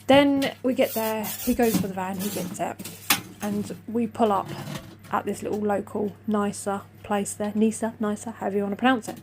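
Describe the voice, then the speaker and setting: A woman's voice: mid-range voice, fairly even intonation, moderate pace, noisy background. A middle-aged woman telling a long personal story in a casual, rambling, self-deprecating way, acting out her own remarks. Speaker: vlogger.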